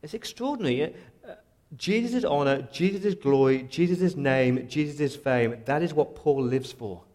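A man's voice: on the high side, animated, measured pace, a little mellow. A man preaching a sermon as pastor, earnest and direct, often voicing the apostle's prayers in the first person.

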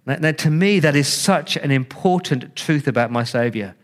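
A man's voice: expressive, moderate pace. A man preaching a sermon as pastor, conversational, repeating words and acting out listeners' reactions. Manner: acts out listener reactions with big pitch swings.

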